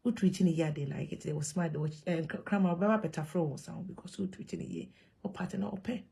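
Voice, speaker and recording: A woman with a Ghanaian accent talking to camera in an animated, emphatic way, switching between Twi and English. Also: fairly low pitch, a little fast, vocal fry, husky. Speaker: vlogger. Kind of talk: casual monologue to camera.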